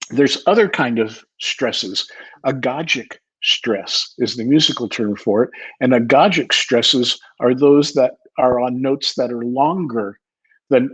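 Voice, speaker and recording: A man's voice: medium pitch, slightly rough. An older man giving an online percussion clinic, explaining musical stress and sometimes singing rhythm syllables. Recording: slightly muffled lo-fi audio.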